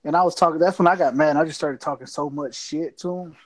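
High-voiced man telling rowdy stories. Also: quick pace, low-quality recording. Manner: profane, rowdy storytelling. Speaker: storyteller. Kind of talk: casual podcast chat.

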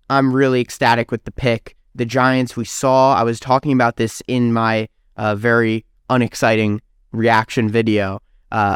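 A man co-hosting a casual sports podcast, giving an upbeat, quick analytical rundown. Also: medium pitch, smooth, dry recording, studio quality. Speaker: podcast co-host.

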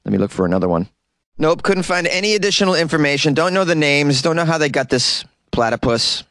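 A man's voice: on the high side, expressive, fast talker, a bit bright, no echo. A man hosting a comedy news podcast, reading and commenting with sarcastic asides and frequent laughter. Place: small closet.

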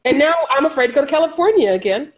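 A woman co-hosting a podcast, recapping a movie in casual chat with sarcastic, animated jokes and frequent laughter. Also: high voice, rapid-fire. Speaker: podcast co-host.

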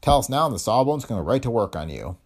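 A man's voice: mid-range voice, very animated, fast talker, slightly rough. A man voicing a weary, hard-boiled detective laying out his accusations in an audiobook reading. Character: tough, weary male private detective.

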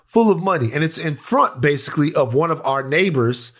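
A male podcast co-host from Louisiana telling a story in casual, animated chat, swearing freely. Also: a little high, fairly quick.

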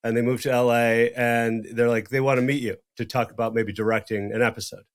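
A man's voice: medium pitch, fairly quick. A middle-aged man, a podcast co-host, telling a story in casual chat, swearing freely and acting out the dialogue. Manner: profane, animated, acts out quoted dialogue.

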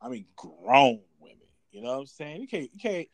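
A man co-hosting a casual show, talking in loud, profane banter, mimicking people and laughing often. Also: medium pitch, brisk, no echo. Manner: animated, puts on mocking voices, laughs often. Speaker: podcast co-host.

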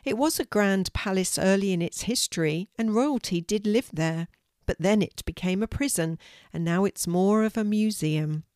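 A woman voicing an older grandmother in a storybook reading, calm and explanatory. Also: mid-range voice, normal speed, dry recording, studio quality, lightly acted. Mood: patient. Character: warm, knowledgeable older grandmother.

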